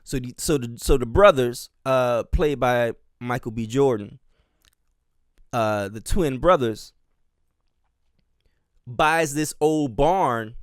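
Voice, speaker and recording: Hosting his own podcast, a dance teacher from the US South (Miami and Charleston) chats alone in a rambling way, often restarting and using fillers. His Southern-accented voice is medium-pitched, clear and resonant. The studio sound is clean, without room noise.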